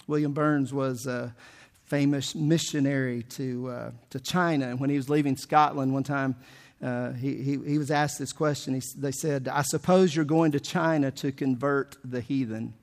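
A man's voice: mid-range voice, fairly even intonation, normal speed. A man preaching a sermon, emphatic and asking the congregation questions as he goes. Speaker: pastor.

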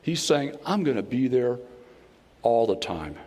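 A man's voice: mid-range voice, big pitch swings, a little slow, darkish tone, breathy edge. A man with a Southern accent giving a folksy, conversational sermon as a guest speaker in an auditorium. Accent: American Southern. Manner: folksy, conversational preaching with playful voices. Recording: long hall reverb.

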